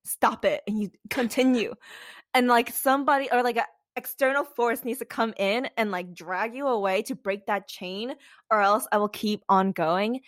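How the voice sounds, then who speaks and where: A young woman co-hosting a podcast in casual chat, swearing freely and acting out quotes with big pitch jumps. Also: normal speed, dry recording, clean studio sound. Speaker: podcast co-host.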